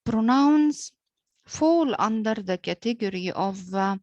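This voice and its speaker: A woman teacher whose first language is Arabic, explaining English poetry meter slowly, pausing often with "uh" and spelling out letters, following British pronunciation. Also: fairly high pitch, expressive, a little mellow, dry recording, highs cut off. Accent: British-leaning English pronunciation. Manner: slow and deliberate, frequent "uh" pauses, spells out letters. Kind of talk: slow explanatory lecture.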